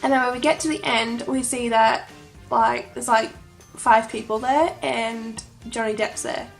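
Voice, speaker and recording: A young woman telling an excited vlog story, gushing and breathless, full of "like" and "oh my god". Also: fairly high pitch, unhurried, creaky, soft background music. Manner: gushing, breathless, heavy use of "like". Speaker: vlogger.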